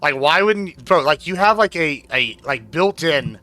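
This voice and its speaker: Man, streamer, casual gaming chat, crude, swearing, rambling, very sharp bright voice. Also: a little high, lively intonation, a little slow. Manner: rambling, crude, swears a lot, lots of fillers.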